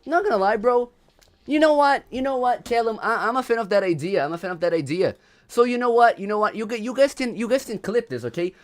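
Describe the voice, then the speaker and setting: A man's voice: sits high, expressive, fast talker. A young man from Brazil with a Brazilian accent, hosting a casual livestream, laughing often and repeating himself in slangy chatter. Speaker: livestream host.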